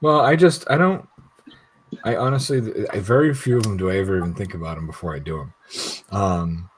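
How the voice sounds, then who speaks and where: A man's voice: low voice, a little fast, a little hiss or hum, poor audio. A middle-aged man rambling and laughing in casual chat on a video call, swearing freely. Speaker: guest YouTube creator.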